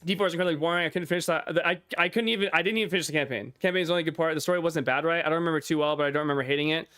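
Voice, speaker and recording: A man's voice: a little high, racing, pushed and bright, clean tone, no room sound. Profane streamer guy, dry close mic. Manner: profane, rambling, laughs often. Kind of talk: casual livestream chat.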